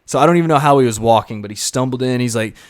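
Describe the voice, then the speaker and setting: A young man co-hosting a podcast, telling a rowdy party story in casual chat, animated and swearing, laughing as he goes. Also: medium pitch, racing. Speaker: podcast co-host.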